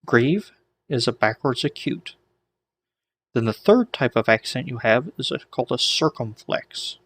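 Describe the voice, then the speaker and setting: A man with a middle-pitched voice teaching a laid-back lesson. He talks casually, often restarting his sentences and slipping in small jokes as he explains. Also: unhurried, slightly rough. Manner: relaxed, many restarts and asides, light joking. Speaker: Greek teacher.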